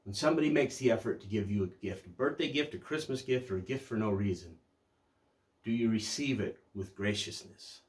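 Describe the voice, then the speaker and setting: An older man hosting a music channel, telling a personal story in a reflective, unhurried way, with pauses and restarts. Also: on the low side. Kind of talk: casual storytelling review.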